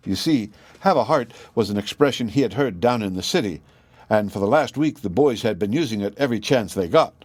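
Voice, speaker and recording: Male storybook narrator, gentle and expressive, dry close recording. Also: lowish voice, a little fast, no echo. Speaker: audiobook reader.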